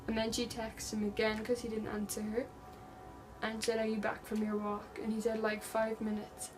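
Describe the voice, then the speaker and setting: Flat-voiced young woman retelling a story. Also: on the high side, moderate pace, over music, rough recording. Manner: reads text messages aloud in a flat storytelling way, with many "like" fillers. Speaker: vlogger. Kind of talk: casual true-crime retelling.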